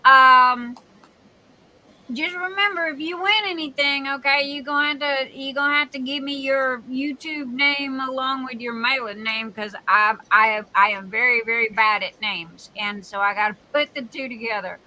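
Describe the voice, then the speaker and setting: Woman, Southern accent, high voice, bright tone, chatty live-stream host, warm greetings to viewers. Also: steady tone, moderate pace, rough recording. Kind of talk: casual live-stream chat.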